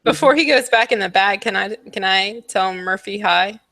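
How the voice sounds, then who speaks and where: A woman's voice: medium pitch, moderate pace, fairly bright tone, no echo. A woman playing a tabletop game, wry and teasing with the others. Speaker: player. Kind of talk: casual tabletop play.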